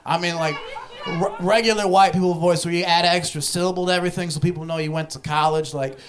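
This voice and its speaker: A man's voice: high-pitched, steady tone, fast. A young man from Ohio doing a stand-up comedy set, talking loosely and laughing as he goes, with audience laughter around him. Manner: loose, laughing, conversational delivery. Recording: live club with audience laughter.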